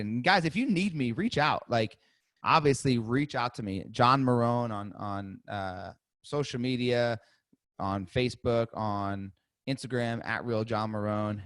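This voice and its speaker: An energetic man leads a live coaching webinar, loose and chatty, breaking into little laughs and acting out sample calls. His voice sits at an ordinary middle pitch. The sound is close and dry, with no room around it. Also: unhurried, no echo. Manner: energetic, conversational, laughs often, acts out example calls. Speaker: webinar host and sales coach.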